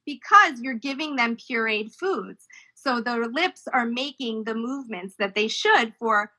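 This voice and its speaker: A woman's voice: fairly high pitch, pushed and bright, rough recording. A woman speech therapist explaining how children's language develops, now and then imitating baby sounds. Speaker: speech-language pathologist guest.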